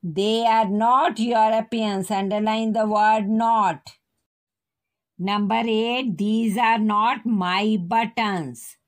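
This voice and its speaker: A woman teacher dictating a grammar lesson to young children, spelling words out slowly. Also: mid-range voice, fairly even intonation. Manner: slow, deliberate dictation, spelling words out letter by letter. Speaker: school teacher.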